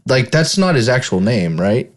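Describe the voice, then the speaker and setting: A man's voice: medium pitch, big pitch swings, moderate pace. A man co-hosting a podcast, blunt and swearing freely in casual chat with friends. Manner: blunt, profane. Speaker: podcast co-host.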